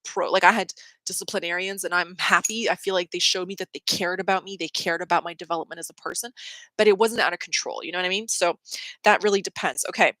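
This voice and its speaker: A young adult woman hosting a casual spiritual talk, opinionated and quick to quote people in mocking voices. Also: fairly low pitch, fairly even intonation, a bit bright, dry recording, low-quality recording. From Canada. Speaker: host.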